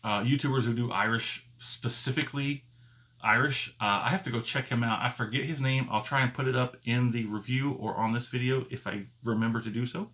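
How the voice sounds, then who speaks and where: A man hosting his own whiskey review channel, talking to camera in a casual, unhurried way and pausing often to find his words as he thinks aloud. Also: medium pitch, steady tone, a bit bright.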